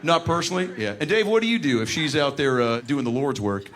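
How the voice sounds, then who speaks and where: Brisk and animated, this man's somewhat high voice carries through a live room alive with laughter and crowd noise. He's working the crowd at a comedy venue, ribbing audience members with crude, brash jokes.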